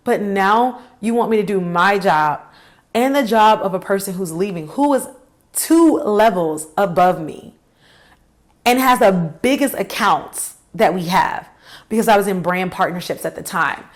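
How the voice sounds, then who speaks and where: A woman's voice: medium pitch, animated, unhurried. Candid woman telling her own story. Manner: candid, emphatic, talks straight to viewers. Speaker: career vlogger. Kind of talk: personal storytelling to camera.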